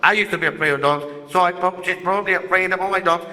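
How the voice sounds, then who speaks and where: A man from Guatemala, a native Spanish speaker, telling a story on a festival stage in an expressive, animated way. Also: high-pitched, fast. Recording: echoey hall reverb.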